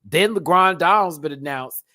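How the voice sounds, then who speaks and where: A young man giving live-stream commentary on a reality show, gushing and bursting into excited squeals. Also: a little high, unhurried, no echo. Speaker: reality TV reviewer.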